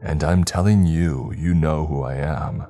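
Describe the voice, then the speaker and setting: A man's voice: rumbling low, unhurried, mellow, soft background music. A man voicing a cruel, mocking unseen spirit who claims to be the narrator's brother, with a sneering, taunting manner.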